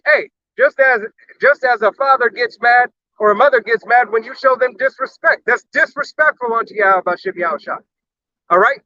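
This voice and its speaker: A man's voice: very high-pitched, normal speed, sharp tone, no room sound, highs cut off. A man preaching a fiery sermon, blunt and profane, punctuating every point with a challenging "all right?". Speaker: street preacher.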